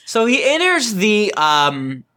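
A man co-hosting a casual book discussion podcast, joking and acting out characters in quick voices. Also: high voice, wildly swooping pitch, pushed and bright. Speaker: podcast co-host.

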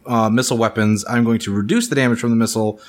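Speaking very fast in a steady, medium-pitched voice, this man thinks aloud during a casual tabletop game. As a player, he hesitates a lot, fills gaps with ums, and keeps putting questions to the table.

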